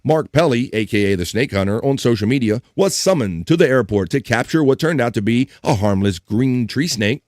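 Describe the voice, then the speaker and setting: A man's voice: medium pitch, animated, a little fast, hardly any pauses, a little mellow, no room sound, clean studio sound. A man hosting a live stream, casually joking and reading news stories and chat comments aloud. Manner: joking, reads chat comments and articles aloud, laughs often.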